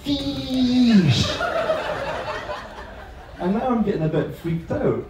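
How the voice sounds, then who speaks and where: His voice sits high and swings widely in pitch, moving a little fast over heavy background noise. A teacher trainer, he performs a comic story live with chatty self-mockery and frequent swearing. It was recorded far from the mic in a big, heavily echoing room at an evening event.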